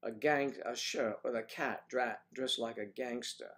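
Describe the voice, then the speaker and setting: A man's voice: mid-range voice, fairly even intonation, unhurried, fairly bright tone. An older man hosting a casual morning livestream, chatting playfully and greeting viewers by name as he reads their comments. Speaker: livestream host.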